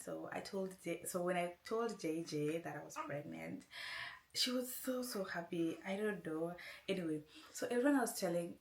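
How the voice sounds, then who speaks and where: A woman's voice: on the low side, creaky, slight background noise. A woman vlogger casually telling a long personal story, rambling and often saying "anyway". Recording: roomy echo.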